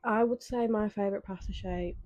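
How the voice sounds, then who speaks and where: A woman's voice: medium pitch, steady tone, brisk, darkish tone, no echo. A woman co-hosting a podcast, chatting in a laid-back, teasing way. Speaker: podcast co-host. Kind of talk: casual chat.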